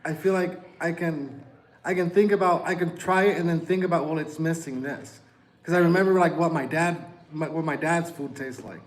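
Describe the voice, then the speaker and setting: A man's voice: on the high side, fairly even intonation, normal speed, low-quality recording. A man chatting casually with his wife on a live stream, speaking hesitantly with many fillers. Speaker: co-host, host's husband.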